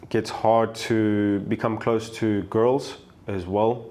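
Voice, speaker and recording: A man's voice: lowish voice, fairly even intonation, slow pace, a little mellow. A young man from Africa, a podcast guest talking casually and often repeating words as he searches for phrasing. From South Africa.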